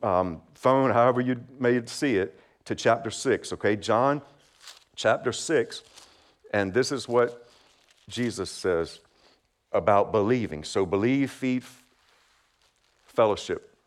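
A man's voice: on the low side, slow, long pauses. A man preaching a simple sermon, friendly and encouraging, asking the congregation to repeat words back and laughing lightly between points. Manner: friendly, asks for call-and-response, laughs often. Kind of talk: children's sermon.

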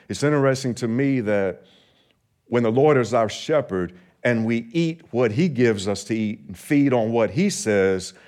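A man preaching a Sunday sermon in church, rising and slowing for emphasis on scripture. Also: fairly low pitch, a little mellow. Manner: rises and slows for emphasis when quoting scripture. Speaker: pastor. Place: church sanctuary.

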